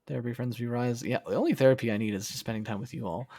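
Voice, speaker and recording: A young man chatting casually on a livestream, reading comments in a soft, affectionate way and laughing often. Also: mid-range voice, rapid-fire, gravelly, no echo, studio quality. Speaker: streamer.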